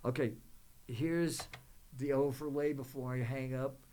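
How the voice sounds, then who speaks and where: Man hosting his own psychic talk show, mid-range voice, rambling delivery with gentle affirmations. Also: medium pitch, fairly even intonation, measured pace. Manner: rambling, many fillers and restarts. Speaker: psychic and spiritual show host. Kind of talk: rambling spiritual talk to viewers.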